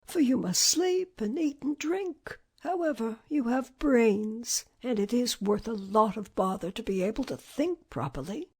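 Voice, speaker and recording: A woman voicing a thoughtful male scarecrow, musing and gently reasoning in a storybook reading. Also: a little high, expressive, measured pace, hardly any pauses, breathy edge, heavily acted.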